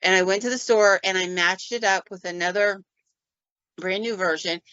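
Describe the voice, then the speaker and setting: A woman, a paranormal investigator, telling stories in a casual podcast chat and acting out sounds and quotes with lively flair. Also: mid-range voice, normal speed, clear, resonant tone, dry recording. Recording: dull, dry lo-fi recording.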